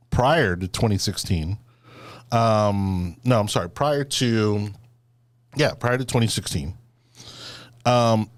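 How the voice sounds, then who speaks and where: A man's voice: mid-range voice, no echo. A man hosting a casual political podcast chat, rambling with lots of fillers and restarts. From Florida. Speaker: podcast host.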